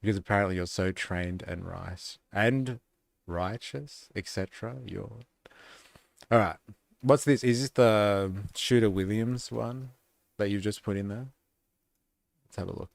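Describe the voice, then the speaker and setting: A man's voice: on the low side, unhurried, vocal fry, pauses often, no room sound. A man hosting a live stream, reading comments and policies aloud with sarcastic, muttered asides.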